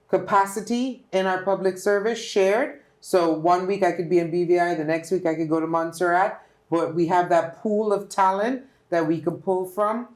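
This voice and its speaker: A woman's voice: on the low side, a little mellow, roomy sound. Earnest Turks and Caicos woman politician. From Turks and Caicos Islands. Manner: earnest, emphatic, speechlike. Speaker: politician guest. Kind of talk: interview answers.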